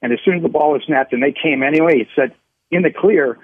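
A man calling into a sports radio show, talking football hesitantly with many pauses and restarts. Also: a little high, breathy edge, no room sound. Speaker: caller. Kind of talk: phone-in caller talking football. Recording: tinny phone line.

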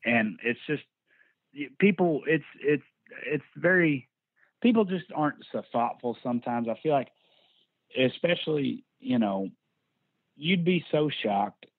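A man's voice: mid-range voice, expressive, measured pace, long pauses, breathy edge, no room sound. A man from Texas with a Texan accent, a band musician telling stories in a laid-back, profane, rambling way. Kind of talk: casual interview storytelling. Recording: tinny phone-like remote line.

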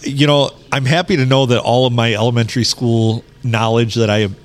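A man's voice: medium pitch, steady tone, a little fast. A man co-hosting a podcast, trading dry wisecracks in casual chat. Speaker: podcast co-host.

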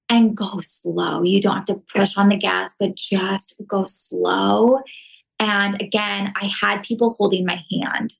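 A woman talking slowly and earnestly in an unhurried podcast chat. Her words come reflective and full of fillers, at a mid pitch. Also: vocal fry, low-quality recording. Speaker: podcast guest. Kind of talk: casual conversation.

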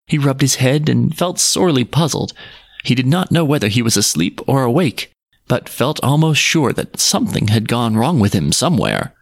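Male storyteller, measured fairy-tale narration, close and dry, mid voice. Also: mid-range voice, big pitch swings, vocal fry, dry recording.

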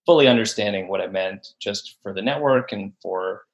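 A man's voice: on the low side, normal speed, dull audio. A man being interviewed as an actor, telling a behind-the-scenes story with enthusiasm and acting out quotes. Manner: enthusiastic, acts out quotes in voices. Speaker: actor guest. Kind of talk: animated interview talk.

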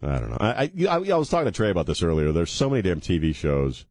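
A male talk radio host with a low voice, riffing in playful mock outrage at a studio microphone. The sound is close and dry, with no room echo. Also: very animated, very fast, darkish tone. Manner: joking, mock-outraged ranting.

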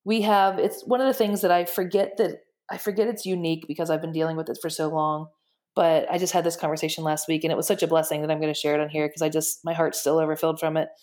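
A woman guest in casual interview chat, telling stories in an animated, excited way. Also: deep voice, quick pace. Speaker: guest, shelter director.

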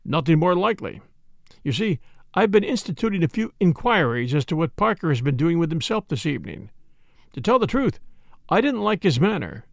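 A man reading the part of a brisk middle-aged police inspector, blunt and questioning, in an audiobook. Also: fairly high pitch, sing-song, gravelly, dry recording, clean studio sound. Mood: probing.

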